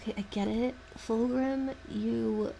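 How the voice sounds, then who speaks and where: A young woman with a Southern US accent, chatting casually on a livestream in a halting, rambling way with many restarts. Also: on the high side, steady tone, vocal fry, mellow, a little hiss or hum. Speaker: livestream host. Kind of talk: casual chat while painting on stream.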